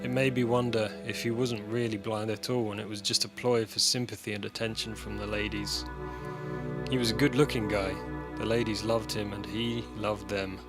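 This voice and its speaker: A man's voice: on the low side, flat delivery, moderate pace. A man reading a personal short story aloud in a dry, matter-of-fact way. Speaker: story reader. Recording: music bed under voice.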